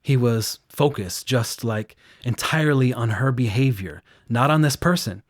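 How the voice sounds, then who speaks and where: A man's voice: mid-range voice, unhurried. A man working as a victim advocate, recounting a case in an earnest, conversational interview manner. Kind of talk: recorded interview clip.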